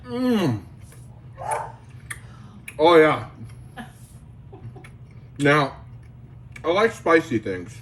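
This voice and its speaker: A man's voice: on the high side, huge pitch swings, extremely slow, long pauses, slight background noise. A man hosting his card collecting channel, chatting enthusiastically as he tastes and reviews jerky at home. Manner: enthusiastic, chatty, exclaiming while eating. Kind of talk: casual product review.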